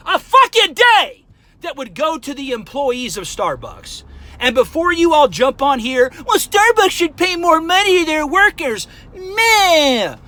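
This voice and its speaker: Male vlogger, heated profane rant, bright and piercing tone. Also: very high voice, rough recording. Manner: profane, heated ranting that flares up and then calms. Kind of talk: angry rant to camera.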